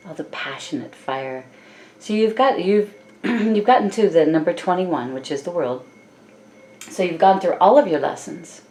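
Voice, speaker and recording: A woman with a slightly low voice gives a channeled tarot reading. She talks softly and affectionately, drawing out her words and laughing gently. A faint hiss sits under her voice. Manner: soft, affectionate, addresses listeners as "my loves"; slow, drawn-out phrasing with gentle laughs. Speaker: tarot card reader.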